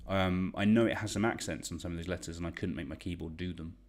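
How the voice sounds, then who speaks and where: A young man from England hosting an online quiz, chatty and self-deprecating as he reads out questions and shout-outs. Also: low-pitched, fairly even intonation, quick pace. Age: young adult. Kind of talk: casual quiz hosting livestream.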